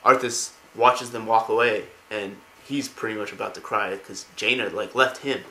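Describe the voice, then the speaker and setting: Bright-voiced man casually retelling game lore. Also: lowish voice, steady tone, normal speed, slight background noise, low-quality recording. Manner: rambling, many fillers and restarts. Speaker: lore video narrator.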